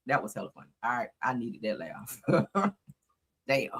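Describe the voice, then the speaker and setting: Lady gossip host, cusses a lot, laughs loud, voice swings up and down a lot, talks to her viewers. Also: rumbling low, very animated, unhurried, slightly rough. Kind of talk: casual gossip commentary.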